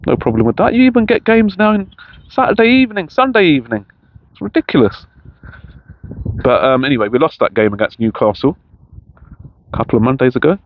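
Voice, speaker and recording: A man's voice: fairly high pitch, big pitch swings, a little fast, long pauses. A middle-aged man chatting casually outdoors in a park, rambling with many restarts. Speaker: vlogger. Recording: dull lo-fi sound with faint noise.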